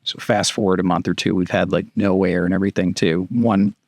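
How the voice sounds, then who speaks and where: A man's voice: low-pitched, fairly even intonation, brisk, gravelly, a little mellow, no echo, clean studio sound. A man, a retired army captain and guest, telling long rambling war anecdotes in a casual podcast interview, padding with fillers. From United States. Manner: rambling anecdotes padded with "too" and "and everything".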